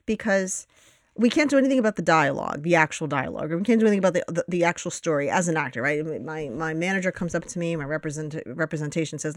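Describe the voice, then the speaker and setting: A woman's voice: lowish voice, expressive, fast talker, no room sound. Blunt opinionated woman, dry close sound. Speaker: podcast co-host. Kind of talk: casual film review chat.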